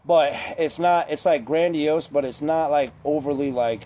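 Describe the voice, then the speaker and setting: A man's voice: on the high side, steady tone, normal speed, few pauses, warm tone, a little hiss or hum. A man talking in a casual rambling monologue, swearing often and filling his sentences with filler words. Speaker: vlogger.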